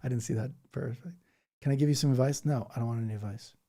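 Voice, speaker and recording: Blunt, mellow-voiced male streamer. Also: mid-range voice, fast talker. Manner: blunt and argumentative, slips into mocking voices; says "bro" and "dude" a lot. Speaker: livestreamer reading chat. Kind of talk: casual live-stream chat.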